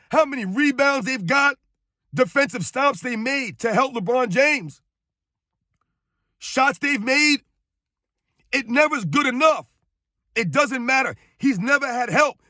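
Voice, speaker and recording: A man's voice: very high-pitched, sharp tone, no room sound, clean studio sound. A man giving an emphatic, scornful sports rant, hammering his points home with repetition. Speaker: sports commentator. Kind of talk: ranting sports commentary.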